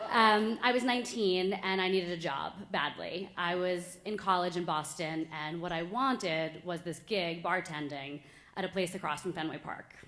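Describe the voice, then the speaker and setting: A woman's voice: fairly low pitch, fairly bright tone, echoey room. A woman in her thirties from the United States telling a personal story on stage, self-deprecating and chatty. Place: stage before a live audience.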